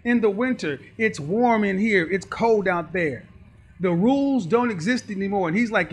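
Briskly and in a voice that sits high, a man lectures on dating with emphatic, preachy conviction. He performs the people he talks about, acting out their quoted voices.

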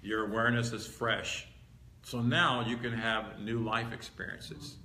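Delivering a teaching sermon to a live crowd in a meeting hall, this man has a medium-pitched voice with a bright, forceful edge and a measured pace. He sounds conversational yet emphatic, hammering on repeated key words. The recording carries roomy hall echo and a faint hiss underneath.

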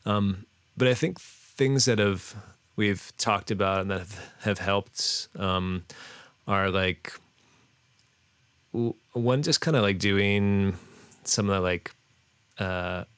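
A man talking as a podcast guest in a relaxed, rambling way, full of fillers and restarts. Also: lowish voice, takes it slowly, smooth, no room sound. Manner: rambling, hesitant, many fillers and restarts, laughs often. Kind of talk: casual interview chat.

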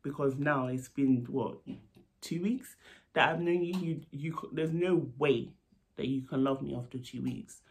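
A man, a nurse, telling a story in a casual, animated vlog. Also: medium pitch, unhurried, gravelly. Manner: animated, lively retelling with asides. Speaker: storytelling vlogger.

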